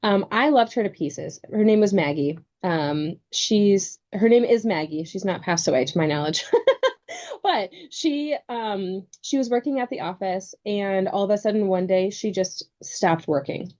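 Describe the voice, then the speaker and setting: A woman co-hosting a casual podcast chat, telling stories from her career coaching work with quick asides. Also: mid-range voice, lively intonation, darkish tone, lo-fi sound. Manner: chatty storyteller, quick asides.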